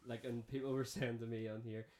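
A man with a Northern Irish accent mixing Downpatrick and Belfast, hosting a casual podcast and telling stories in a sweary, animated way. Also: mid-range voice, a little fast. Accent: Northern Irish, Downpatrick and Belfast mix. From Northern Ireland. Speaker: podcast host.

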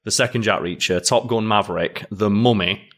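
A man with a lowish voice co-hosts a casual podcast. He is opinionated and chuckles as he talks, and he often restarts his sentences as he rambles through his points. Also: moderate pace, a bit bright. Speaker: podcast co-host. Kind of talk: casual chat.

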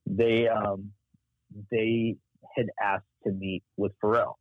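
At a slow pace, a man from Texas with a low voice and a Texas accent tells stories from his marketing career as a guest in a casual interview. An animated storyteller, he acts out quoted voices, and the dry recording comes through a tinny, phone-like line.

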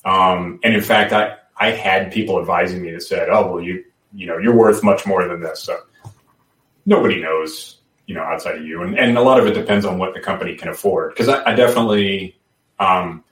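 A man's voice: sits low, brisk, a bit bright. Man, podcast guest, casual rambling talk, echoey room, distant mic. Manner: rambling, many restarts and fillers. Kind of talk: casual chat.

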